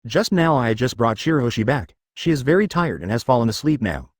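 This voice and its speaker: A man's voice: medium pitch, sing-song, a little fast, no room sound. A man reading the lines of a kind, powerful young male pirate hero in a dry synthetic voice.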